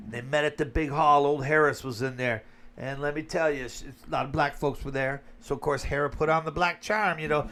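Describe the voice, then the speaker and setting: A man's voice: mid-range voice, a bit bright. A man from Flint, Michigan, giving a blunt, colloquial opinion monologue as a vlogger.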